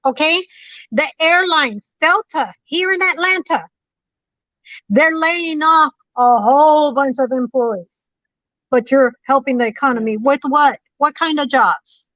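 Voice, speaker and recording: Emphatic high-voiced woman caller. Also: a little slow, a bit bright, no room sound. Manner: preachy, emphatic, repeats phrases for effect. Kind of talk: impassioned call-in talk. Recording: dull lo-fi phone line.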